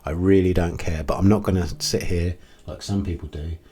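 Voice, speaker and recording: A man's voice: sits low, steady tone, normal speed, mellow. A man hosting a casual commentary video, talking in a blunt, exasperated way with frequent ums and restarts. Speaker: crypto video host.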